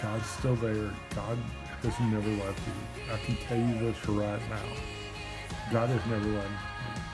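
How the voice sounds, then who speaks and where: Earnest man with a low voice. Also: little pitch movement, slow pace, loud music behind the voice. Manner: earnest, emotional, repeats himself. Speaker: churchgoer giving a testimony. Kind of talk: personal testimony video. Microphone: camera.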